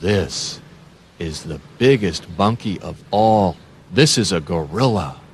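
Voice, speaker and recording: A man hosting a children's read-along, talking slowly with sing-song emphasis and playful animal sounds. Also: deep voice, expressive, slight background noise. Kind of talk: slow, animated reading to young children.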